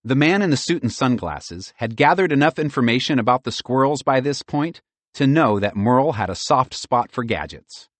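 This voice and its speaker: A man narrating a children's audiobook with lively, expressive storytelling. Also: mid-range voice, dry recording.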